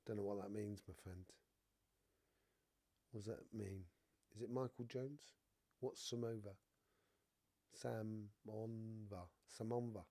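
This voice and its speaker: Coughing and stuffy-nosed, a middle-aged man speaks slowly with long pauses in a fairly low, mellow, fairly even voice, recorded without echo. As a spiritual reader on a live stream, he rambles through viewer comments, peppering his talk with "you know."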